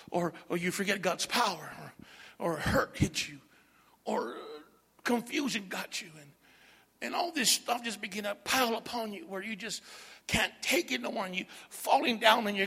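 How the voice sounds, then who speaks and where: A man preaching a sermon, calling out to the congregation and building from quiet asides to loud shouts. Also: high voice, creaky, husky, in a large hall.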